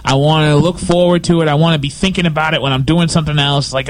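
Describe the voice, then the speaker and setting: Opinionated New man, casual co-host chat, lively asides, close dry sound. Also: fairly high pitch, no echo. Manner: animated, opinionated, quick asides.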